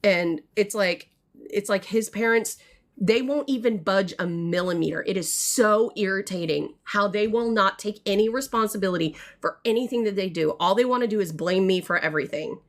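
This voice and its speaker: A woman's voice: mid-range voice, normal speed. Frustrated mother in her thirties, venting in a casual livestream, rambling with fillers. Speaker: mother telling a family story. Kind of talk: casual storytelling to viewers. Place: home art studio. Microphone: livestream mic.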